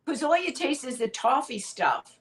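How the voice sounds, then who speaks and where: Woman, co-host, casual baking chat, rambling, lively intonation. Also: sits high, normal speed. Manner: chatty, practical, rambling. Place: home kitchen.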